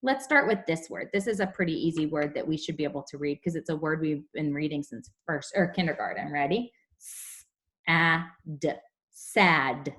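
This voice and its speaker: A woman's voice: sits low, fairly bright tone. Woman teaching phonics to young kids. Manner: slow, clear teacherly explanations to young children. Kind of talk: online class phonics lesson. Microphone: video call.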